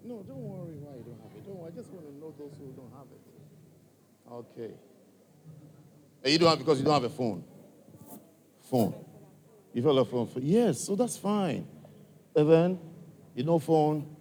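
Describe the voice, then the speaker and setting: A man's voice: on the high side, lively intonation, normal speed, long pauses, darkish tone. A man with an African accent addressing a church gathering, questioning listeners directly in a coaxing way. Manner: coaxing, direct, asks the audience many questions.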